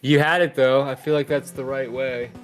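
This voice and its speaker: A man's voice: mid-range voice, fairly even intonation, moderate pace, faint music behind. Laid-back man in gaming banter. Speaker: podcast co-host. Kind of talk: casual gameplay chat.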